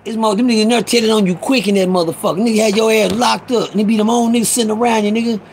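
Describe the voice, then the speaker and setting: Excitable high-voiced St. man streaming. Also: racing, a little hiss or hum. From Ferguson, Missouri. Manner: loud, excitable, profane street talk. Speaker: live stream host. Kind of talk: casual live stream chat. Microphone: phone.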